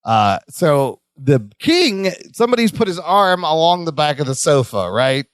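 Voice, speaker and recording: Podcast co-host: lively, high-pitched man, dry close mic. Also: unhurried, no echo. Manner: animated, acts out characters' lines in high voices. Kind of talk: casual chat recapping a sitcom.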